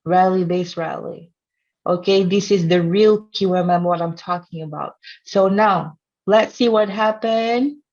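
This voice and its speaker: A woman's voice: lowish voice, measured pace, a little mellow. A woman teaching a trading course in English that is not her first language, playful and teasing, often laughing at her examples. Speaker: trading instructor. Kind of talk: teaching a course over a chart. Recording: dull lo-fi sound.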